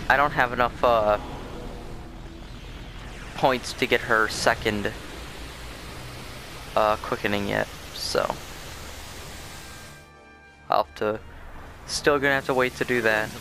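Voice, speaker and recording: A man's voice: medium pitch, fairly even intonation, slow pace, long pauses. A young man hosting a let's play, giving casual, rambling commentary with lots of fillers and restarts as he plays. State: sleepy, yawning. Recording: faint game music behind.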